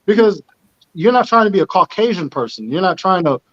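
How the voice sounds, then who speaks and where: A man's voice: sits high, very animated, brisk, fairly bright tone. A man hosting a casual panel discussion, speaking earnestly and with emphasis. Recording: muffled lo-fi audio.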